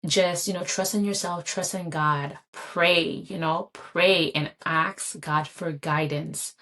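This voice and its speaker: A woman with a notably low, deep voice talks alone on her podcast. Her delivery is earnest and reassuring, circling back on key phrases to encourage the listener. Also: fairly even intonation, takes it slowly, fairly bright tone. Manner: earnest, encouraging, repeats for emphasis. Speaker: podcast host. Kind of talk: solo motivational podcast talk.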